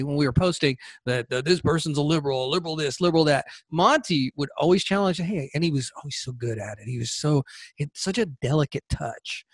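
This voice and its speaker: A male podcast host with a slightly high voice, talking in a loose, rambling monologue. He stumbles over and repeats words and often wanders off topic. The recording is dry and close. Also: dry recording.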